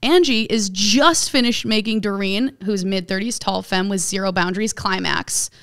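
A woman's voice: medium pitch, moderate pace, a bit bright, clean tone. A woman comedian reading her own comedy script aloud as narration, often laughing at her own jokes.

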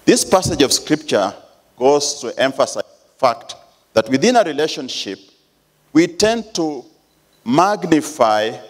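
A Kenyan man gives a church sermon as an elder. He preaches in an emphatic, storytelling way, and his pitch rises and falls widely. His voice sits in a mid range for a man.

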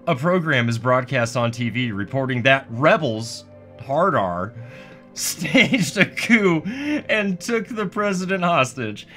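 Bright-voiced man joking through a game. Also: a little high. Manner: goofy, sarcastic, swearing, excitable. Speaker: gaming video host. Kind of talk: comedic let's-play commentary.

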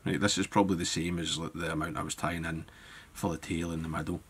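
A man giving a relaxed step-by-step fly-tying tutorial, thinking aloud as he works. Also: deep voice, fast talker, slight background noise.

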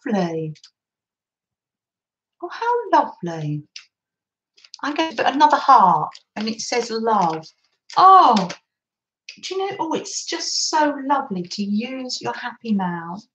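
A woman's voice: on the high side, lo-fi sound, slight background noise. A woman chatting through a craft session at her desk, gushing over papers and cooing about how lovely everything is. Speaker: craft vlogger. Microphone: camera on desk.

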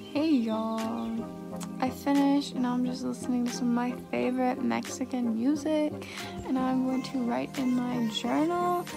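High, gravelly young woman vlogging. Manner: upbeat and chatty, drops y'all often. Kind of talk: casual vlog chat.

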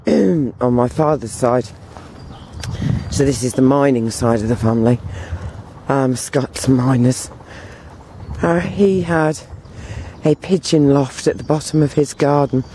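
A woman talking to the camera on an outdoor walk, meandering with many pauses and fillers. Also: very deep voice, dark tone, a little hiss or hum. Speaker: vlogger. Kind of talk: rambling walk-and-talk vlog.

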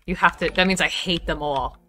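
A woman's voice: on the low side, a little fast, bright, forceful tone. A woman game streamer chatting casually as she plays, swearing freely and muttering to herself. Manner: swears freely, talks to herself while playing. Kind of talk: casual livestream chat while gaming.

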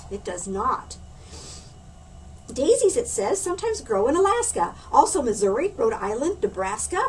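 A woman reads a picture book aloud to children in a high, lively voice. Her storytelling swoops up and down as she acts out the scenes. She sounds a little distant from the mic, with faint noise behind her. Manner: lively, expressive storybook reading with put-on voices. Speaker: library story reader.

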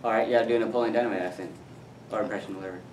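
A man's voice: on the low side, steady tone, noisy background. Upbeat young guy hosting, roomy sound. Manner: upbeat, fast, loose. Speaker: host. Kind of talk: casual video chat. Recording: roomy, camera far off.

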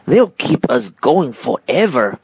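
A man voicing an excitable little male monkey in a storybook reading, with high, squealing cries. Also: takes it slowly, gravelly, breathy edge, no room sound, full character voice. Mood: delighted.

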